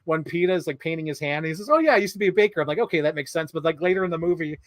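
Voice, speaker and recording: Animated man, slightly high, dry sound. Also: racing, no room sound. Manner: animated, laughs often, acts out movie lines. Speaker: podcast co-host. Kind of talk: casual film discussion.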